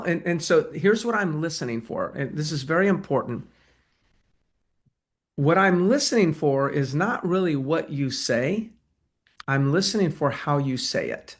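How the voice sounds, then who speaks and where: A man's voice: a little high, lively intonation, moderate pace. A man coaching real estate agents in a webinar, talking conversationally and acting out sales calls. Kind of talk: webinar presentation and Q&A.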